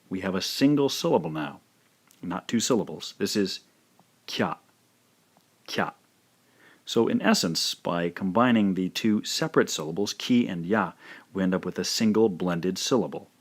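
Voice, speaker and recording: Slow, careful man teaching a lesson. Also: deep voice. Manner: slow, careful, repeats each sound. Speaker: language teacher. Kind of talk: scripted lesson narration.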